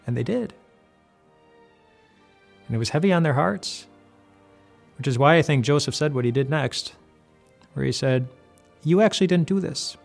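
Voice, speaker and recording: A man's voice: medium pitch, moderate pace, gravelly, pauses often, faint music behind. A man giving an earnest devotional retelling of a Bible story, often repeating words as he goes.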